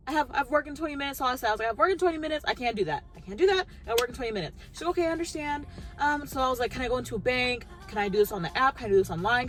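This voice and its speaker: High-voiced woman ranting in a vlog. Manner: animated, acts out both sides of conversations. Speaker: vlogger. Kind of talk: casual storytelling rant.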